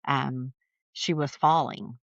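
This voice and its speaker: A middle-aged woman, a podcast guest, telling family stories in a chatty, animated way with lots of fillers. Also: extremely low pitch, takes it slowly, gravelly, no echo, lo-fi sound. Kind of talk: casual storytelling conversation.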